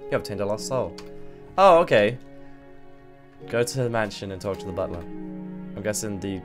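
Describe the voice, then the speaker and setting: A man talks through a game in loose, swearing commentary. His pitch moves a lot. Faint music plays behind him. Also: animated, normal speed. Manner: chatty, swears, thinks aloud. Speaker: gaming video host. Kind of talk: let's play commentary.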